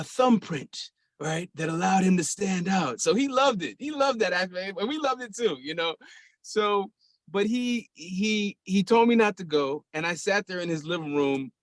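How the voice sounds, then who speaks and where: A man with a fairly high voice recounts a memory over a video call. His sound is close and dry, with no room around it. He laughs often and trails off before starting again. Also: no echo. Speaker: guest sharing memories. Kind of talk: casual storytelling on a video call.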